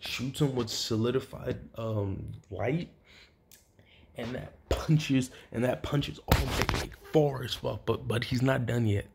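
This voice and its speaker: A man casually retelling an imagined story, rambling with many fillers and restarts and getting loud and excited at the dramatic parts. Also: mid-range voice, vocal fry, a little hiss or hum. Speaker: fan-theory storyteller.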